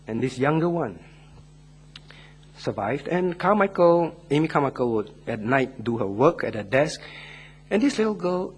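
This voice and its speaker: A man's voice, on the high side with a breathy edge and big pitch swings, carries an earnest sermon and a closing prayer. He alternates booming stressed words with quiet lines and lingers slowly over key words.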